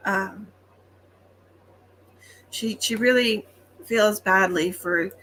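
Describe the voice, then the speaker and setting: A woman's voice: medium pitch, drawn-out words, a bit bright, a little hiss or hum. A woman working as a psychic medium, giving chatty, reassuring readings on a livestream with frequent ums.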